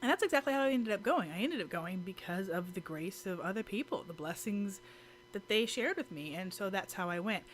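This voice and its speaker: A woman's voice: medium pitch, expressive, a little fast, slight background noise. A woman with kids, vlogging casually to camera, chatty and giggly with lots of fillers and restarts. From United States. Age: adult with children. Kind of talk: casual talking-to-camera vlog. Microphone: camera mic.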